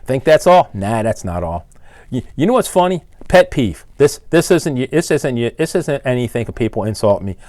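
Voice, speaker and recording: A man's voice: medium pitch, sing-song, normal speed, darkish tone, no room sound. An older man, an engine builder hosting his channel, delivers a blunt, exasperated rant scolding his viewers. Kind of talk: ranting to camera.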